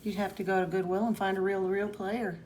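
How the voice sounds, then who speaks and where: A woman's voice: medium pitch, level tone, fast, a little mellow, a little hiss or hum. A woman co-hosting a comics podcast, chatting casually with brief reactions. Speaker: podcast co-host. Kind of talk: casual chat.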